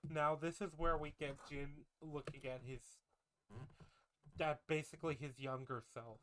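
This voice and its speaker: A man with a bright, clear, crisp voice that sits a little high, walking through a film's plot on a casual podcast. His recaps are loose and laced with swearing. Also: steady tone, measured pace. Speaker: podcast co-host. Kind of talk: casual film discussion.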